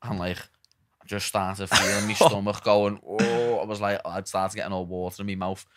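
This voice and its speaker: A man's voice: lowish voice, steady tone, normal speed, fairly bright tone, slight background noise. A young man with a Liverpool accent, chatting casually on a podcast as the guest and telling stories full of "lad". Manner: chatty storytelling, peppered with "lad". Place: podcast studio.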